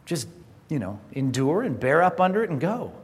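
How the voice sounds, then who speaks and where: Preacher in a reverberant church hall. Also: male voice, fairly high pitch, normal speed, slightly rough. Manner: animated storytelling, acting out the people in the text. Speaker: pastor. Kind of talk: sermon.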